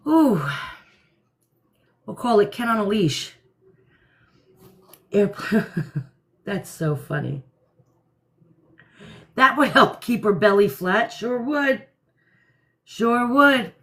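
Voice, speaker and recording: A woman's voice: fairly high pitch, fairly bright tone. A middle-aged woman hosting a casual livestream from home at night, blunt and laughing often. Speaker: livestream host. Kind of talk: casual live chat.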